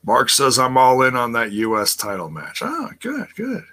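A man's voice: mid-range voice, expressive, moderate pace, pushed and bright. A man hosting a casual wrestling live stream, reading chat messages and rambling with repeated words and easy laughter.

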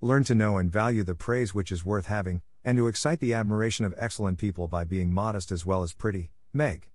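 A man voicing a gentle, grave middle-aged mother in a storybook reading. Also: on the low side, fairly quick, dry recording, close to an everyday voice.

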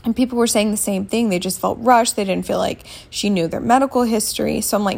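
A woman's voice: medium pitch, brisk, vocal fry, a little mellow. A woman in her thirties telling a story in a casual vlog, speaking candidly and bluntly and swearing freely, sitting up on a bed at home. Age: 30s.

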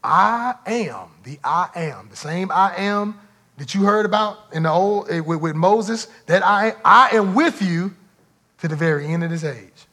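A man's voice: sits high, normal speed, a bit bright. A man preaching as a pastor, driving points home by repeating phrases. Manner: emphatic, repeats phrases for effect. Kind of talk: sermon.

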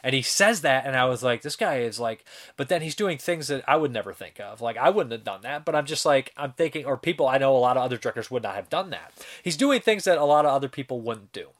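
A man's voice: mid-range voice, lively intonation, fast. Rambling enthusiastic male film reviewer. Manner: rambling, enthusiastic, laughs often, many fillers. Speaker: film reviewer, show host. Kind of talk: casual spoken film review.

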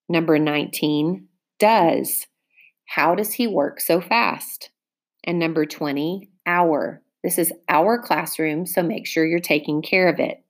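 A woman teacher giving a spelling and dictation test, reading each word slowly and using it in a sentence. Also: low voice. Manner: slow, deliberate word-by-word dictation. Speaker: elementary school teacher.

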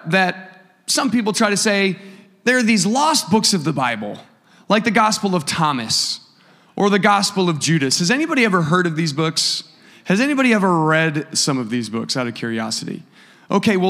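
A man's voice: sits high, a bit bright. A man preaching a sermon in a church, telling stories in a conversational way and calling on the congregation to repeat phrases. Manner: conversational storytelling with audience call-and-response. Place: church sanctuary. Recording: church hall reverb.

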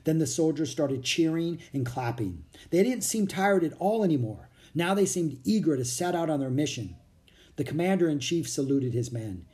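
A man narrates a children's adventure book aloud with expressive, storytelling delivery. His voice is warm and dark in tone, and it rises and falls with the action. He paces the story for young listeners. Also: a little high. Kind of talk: audiobook reading for children.

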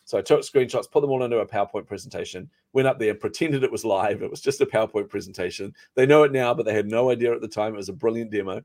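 A man being interviewed as a startup founder, telling stories in a lively way and acting out the people he quotes. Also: on the low side, fast talker, hardly any pauses. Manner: animated storyteller, acts out quoted dialogue. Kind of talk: casual interview storytelling.

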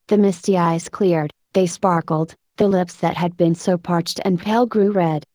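A woman narrating an audiobook in a measured, lyrical storytelling manner. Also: on the low side, a little mellow, no echo. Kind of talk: scripted narration.

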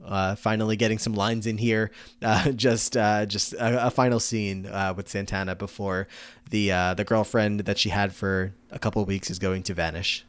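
A man's voice: fairly low pitch, flat delivery, moderate pace, smooth. A man co-hosting a podcast, musing about a show in casual talk, winding through his thoughts with restarts. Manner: rambling, many fillers and restarts. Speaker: podcast co-host. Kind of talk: casual analytical chat.

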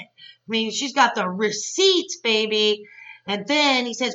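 A woman hosting a podcast, recapping a reality show in a gossipy, excitable way and retelling scenes with quoted voices. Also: medium pitch, slow. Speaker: podcast host. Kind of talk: casual recap commentary. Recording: dull lo-fi sound, mic at a distance.

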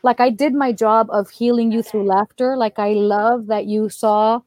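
A woman comedian telling stories as a guest in an animated, chatty way, laughing as she talks. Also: fairly high pitch, measured pace, no room sound. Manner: expressive, chatty, laughs while talking. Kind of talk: animated storytelling.

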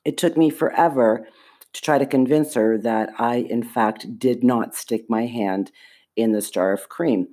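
A woman's voice: very deep voice, unhurried, mellow. A woman hosting a podcast, telling a personal story in an indignant, emphatic way, with frequent swearing. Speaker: podcast host.

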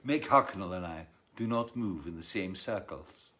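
A man's voice: deep voice, expressive, moderate pace, sharp tone. A man in his sixties, a musician, casually answering viewer questions from his studio in a rambling, anecdotal way full of restarts and asides.

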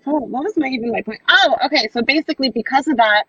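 A woman's voice: sits high, fast, lo-fi sound, crowd noise. A woman as a guest on a podcast, chatting casually and rambling with many likes and you knows. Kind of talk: casual chat.

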